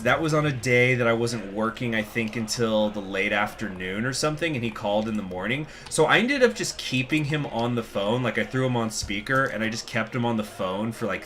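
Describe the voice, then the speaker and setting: A man's voice: medium pitch, sharp tone, a little hiss or hum. A man hosting a gaming channel, telling rambling stories in casual commentary while he plays. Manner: rambling, chatty storytelling, reading chat. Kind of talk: casual commentary over strategy gameplay.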